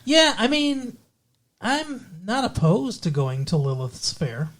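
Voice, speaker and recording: A man's voice: sits high, big pitch swings, slow, fairly bright tone. A man co-hosting a comedic podcast, playfully reading old entertainment news aloud and chatting with his fiancée. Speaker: podcast co-host. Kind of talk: comedic podcast chat in 1998 character.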